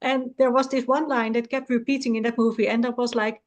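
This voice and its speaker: Woman interview host, higher pitch, giggly, chatty, lots of "yeah"s. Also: little pitch movement. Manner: warm, giggly, quick affirmations. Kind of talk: casual interview.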